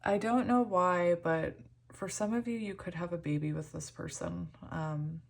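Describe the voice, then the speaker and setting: A woman giving a pick-a-card tarot reading, emotional and hesitant, shaky and close to tears, with many pauses and ums. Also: fairly low pitch, gravelly. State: shaky and tearful. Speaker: tarot reader.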